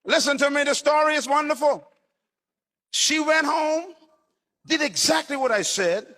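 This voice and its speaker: A male pastor preaches in short, punchy phrases and slips into storytelling. His voice sits high and bright, with a lively, swinging pitch. Long reverb from the church hall trails each line. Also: measured pace. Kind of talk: sermon.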